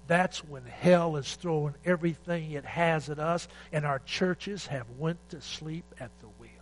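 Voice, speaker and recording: A man preaching a sermon, moving between loud urgent exhortation and quiet, emotional retelling of a scripture story. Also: fairly high pitch, a little slow, low-quality recording. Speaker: pastor. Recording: faint mains hum.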